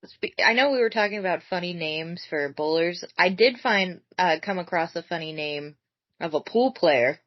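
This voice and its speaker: A woman's voice: on the low side, animated, normal speed, no echo. A woman co-hosting a podcast in casual chat, playful and teasing. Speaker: podcast co-host. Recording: dull dry lo-fi audio.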